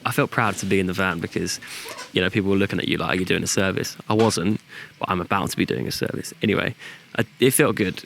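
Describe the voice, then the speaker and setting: A man's voice: deep voice, quick pace, gravelly, hardly any pauses, slight background noise. A young man, chatting casually on a podcast and telling a story with lots of "like" and acted-out quotes. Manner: animated storyteller, acts out quoted voices, lots of "like" and swearing. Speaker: podcast co-host.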